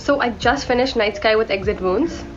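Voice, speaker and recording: A young Indian woman, a book vlogger, talks a little fast in a fairly high voice about books she has read. She's chatty and rambling, correcting herself mid-sentence, and the lo-fi audio sounds dull with faint background music.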